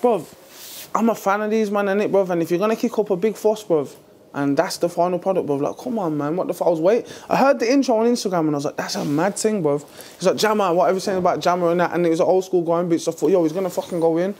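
A young man, a rapper chatting casually backstage before a show, animated and swearing freely. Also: high voice, fast. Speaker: rapper on tour.

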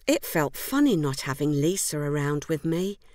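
Rueful housewife, wry and a bit downcast, film monologue. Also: female voice, low-pitched, very animated, moderate pace, a little mellow, dry recording. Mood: wistful. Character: weary, wry English housewife in a loveless marriage.

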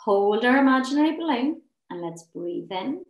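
A woman leading a guided laughter and relaxation session. She gives gentle, encouraging, soothing instructions. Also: a little high, sing-song, normal speed, reverberant, muffled recording. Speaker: wellness session leader.

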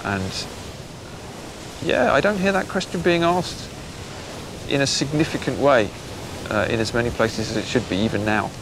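A middle-aged man with an English accent, reflecting out loud in a documentary interview. He talks in a measured, unhurried way, stopping to search for words. A faint hiss sits beneath his voice. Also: mid-range voice, lively intonation. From England. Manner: thoughtful, measured, with pauses and fillers. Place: outdoors on rural land.

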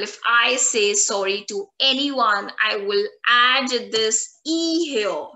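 A woman teaching a French lesson online, repeating each word slowly so learners can copy it. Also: a little high, bright, forceful tone. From India.

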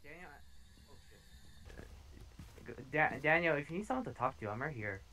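A man's voice: on the high side, lively intonation, normal speed, sharp tone. A man playing a horror game with friends, wry and swearing, calling out readings. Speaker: co-player. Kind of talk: casual multiplayer gaming chat.

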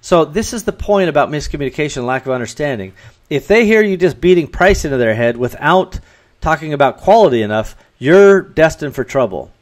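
A man with a somewhat high-pitched voice delivers a solo podcast talk on business mistakes. He speaks earnestly and advisingly, often slipping into quick quoted exchanges to illustrate his points. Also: lively intonation. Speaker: podcast host.

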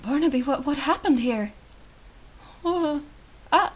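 A woman's voice: high-pitched, expressive, unhurried, long pauses. A young woman playing a game, reacting emotionally and reading its dialogue aloud. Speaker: let's play host. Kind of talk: let's play commentary and reading dialogue aloud.

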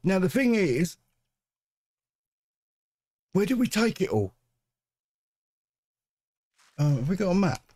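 A man's voice: sits high, very animated, slow, long pauses, a little mellow. A man hosting his own gaming channel, chatting and joking to himself while he plays. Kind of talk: let's play commentary.

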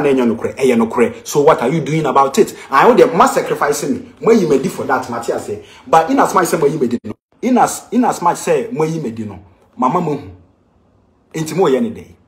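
A man's voice: on the high side, expressive, brisk. A man with a Ghanaian accent, a teacher, making an impassioned complaint with emphatic rhetorical questions.

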